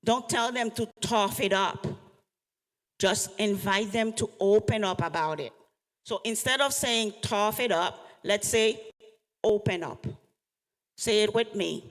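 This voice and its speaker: Slow earnest woman in a reverberant hall. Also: mid-range voice. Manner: earnest, coaching, asks the audience questions. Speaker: speaker giving a talk on trauma. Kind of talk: motivational talk to a live audience. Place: event hall with an audience.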